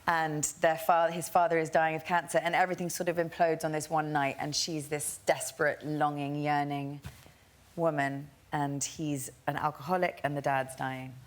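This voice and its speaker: An actress guest on a TV talk show, telling a story in a chatty, giggly way. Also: female voice, deep voice, level tone, normal speed. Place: TV studio with live audience.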